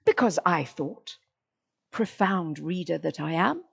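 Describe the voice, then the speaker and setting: A woman's voice: lowish voice, slow pace, vocal fry, breathy edge. A woman giving a lecture, stressing the rhythm of words and asking her listeners rhetorical questions. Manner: expressive, sounding out rhythm of words. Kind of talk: lecture with dramatic read-aloud passages.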